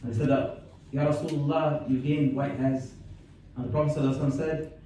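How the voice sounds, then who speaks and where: A man with a slightly high, warm voice speaks quickly and with fairly even intonation. He is an Islamic scholar giving a conversational religious lecture, reciting verses and explaining them in a community centre hall. The mic sits far away in the very echoey space, and there is faint noise.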